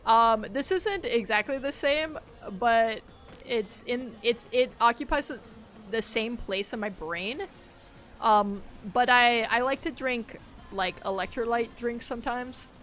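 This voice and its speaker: A woman's voice: fairly high pitch, unhurried, fairly bright tone, soft background music. Chatty, giggly woman streamer. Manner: chatty and rambling, laughs easily. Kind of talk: casual gaming livestream chat.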